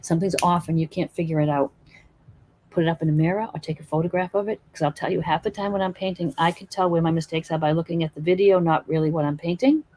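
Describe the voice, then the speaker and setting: A woman's voice: fairly low pitch, fairly even intonation, fast talker, mellow, a little hiss or hum. A woman teaching acrylic painting in a live stream, chatting and encouraging while she works. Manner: chatty, encouraging, thinks aloud while working.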